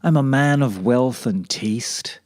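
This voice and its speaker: A man putting on the posh, smooth voice of a suave devilish stranger in a comic story. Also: mid-range voice, slow pace, a little mellow, no echo, studio quality, natural voice.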